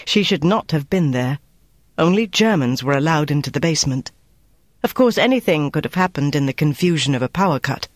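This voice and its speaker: A man reading a novel aloud in steady, measured scripted narration. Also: on the high side, no room sound. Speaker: audiobook narrator.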